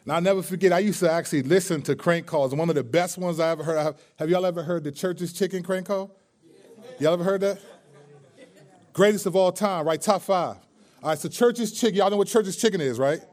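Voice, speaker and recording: Chatty, joking pastor with a higher voice. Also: male voice, fairly quick, a little mellow. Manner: joking, storytelling, chatty with many restarts. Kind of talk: conversational sermon.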